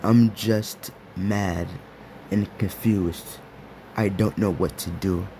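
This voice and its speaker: A man's voice: sits low, steady tone, takes it slowly, warm tone, slight background noise. A man voicing an upset superhero mentor. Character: angry troubled young male superhero mentor.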